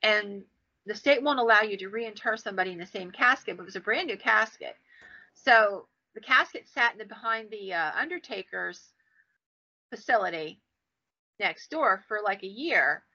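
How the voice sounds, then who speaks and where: A woman podcast host telling stories in a casual, animated way, acting out the people she quotes. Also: moderate pace. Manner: animated, acts out quoted voices with big pitch jumps. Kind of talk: casual storytelling. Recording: dull lo-fi sound.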